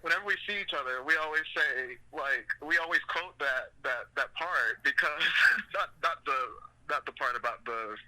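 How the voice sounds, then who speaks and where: A man's voice: on the high side, moderate pace, pushed and bright, low-quality recording. A man hosting a podcast in casual chat, rambling with many fillers and laughing as he tells stories. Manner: rambling, full of "like" and restarts, laughing. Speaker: podcast host.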